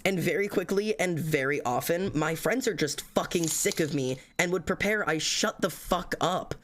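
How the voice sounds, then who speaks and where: A man's voice: fairly high pitch, moderate pace, a bit bright. Man, livestreamer, casual rant, heavy swearing, rambling, self-critical. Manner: self-critical, venting to chat. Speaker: livestreamer reading chat.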